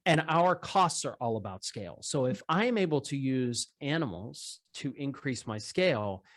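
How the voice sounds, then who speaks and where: A man speaks at a middle pitch as a podcast guest, energetic and self-deprecating. He talks in quick bursts and keeps the tone casual throughout. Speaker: startup founder, guest. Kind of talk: casual interview chat.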